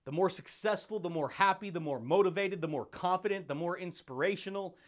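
A man's voice: sits high, a little fast. A man hosting a podcast, giving a hyped motivational monologue full of slang, repeated catchphrases and frequent laughs. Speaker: podcast host.

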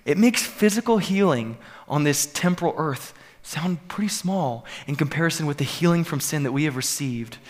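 A man's voice: fairly high pitch, lively intonation, moderate pace, hardly any pauses. Earnest preacher man, rising to emphatic peaks. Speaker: pastor. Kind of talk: sermon. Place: church sanctuary.

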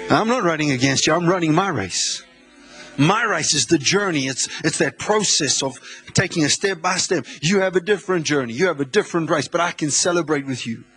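A man from South Africa preaches in a church with an excitable, laughing delivery. His voice sits a little high for a man, and he stumbles over repeated words as he goes. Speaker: guest pastor. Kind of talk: sermon.

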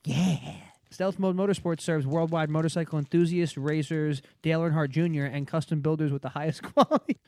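A man on a podcast reading a sponsor ad in an offhand, flat way. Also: on the high side, brisk, hardly any pauses, no echo. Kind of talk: casual ad read.

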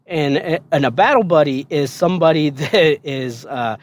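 A man spins a rowdy, casual anecdote for a podcast. His voice sits fairly high, and he curses freely and chuckles through the tale. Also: animated, normal speed. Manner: profane, laughing often. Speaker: podcast host telling a story. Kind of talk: casual storytelling.

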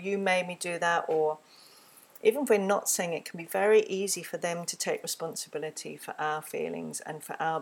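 A woman with a fairly low voice gives an earnest, gentle talk on parenting. Her tone grows soft and soothing as she shows what to say to a child, spoken close to the microphone. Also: gravelly, breathy edge. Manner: gentle, earnest, soothing when voicing empathy. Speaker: parenting teacher. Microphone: close microphone, solo recording.

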